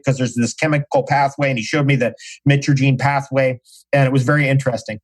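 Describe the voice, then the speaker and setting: A man's voice: medium pitch, fairly even intonation, fast talker, poor audio. A middle-aged man, a podcast guest, telling stories in casual conversation with enthusiasm and slang.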